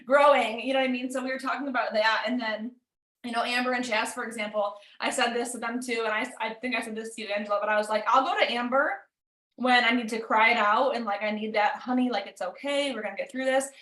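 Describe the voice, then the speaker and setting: A woman's voice: a little high, steady tone, fast talker, a bit bright, roomy sound. A woman telling stories in a casual group chat, laughing often as she talks. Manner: bubbly, laughing, storytelling.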